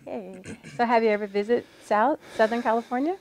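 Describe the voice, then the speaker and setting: A woman interviewing a young dancer in a soft-spoken, encouraging way. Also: fairly high pitch, fast talker. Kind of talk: casual interview.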